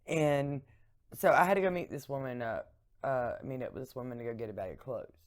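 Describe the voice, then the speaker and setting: A woman co-hosting a podcast, telling stories in a lively, chatty way. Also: very deep voice, a little fast. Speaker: podcast co-host. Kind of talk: casual storytelling chat.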